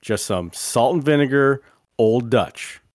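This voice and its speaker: A man's voice: mid-range voice, takes it slowly, dry recording, studio quality. A man hosting a casual podcast chat, steering the segment and calling on his co-hosts by name. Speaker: podcast host.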